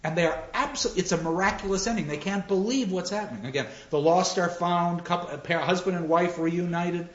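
This drama lecture, recorded in a dull, roomy space, has a high-pitched man speaking fairly quickly with few pauses. He restarts frequently, acts out quoted lines with animation, and fields questions from the audience.

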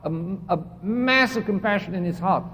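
A man with a high voice delivers an earnest sermon, repeating his phrases for emphasis. His words ring out with a long reverb, as in a church. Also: normal speed, fairly bright tone. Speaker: preacher.

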